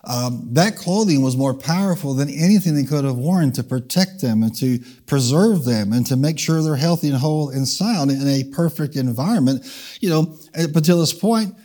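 A man's voice: on the high side, expressive, moderate pace, mellow. A man preaching a sermon, leading the congregation in call-and-response and changing his pace for emphasis. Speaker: pastor. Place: church.

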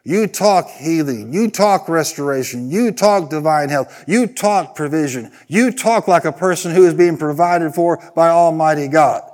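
A man's voice: on the high side, measured pace, few pauses, a little mellow. A man preaching a sermon as pastor, driving his points with repeated phrases and leading the congregation in call-and-response.

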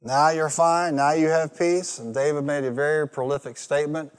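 Rousing preacher man, fairly high voice. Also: steady tone, moderate pace, smooth, in a large hall. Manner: rousing, call-and-response, rising to loud peaks. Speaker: pastor. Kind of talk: sermon.

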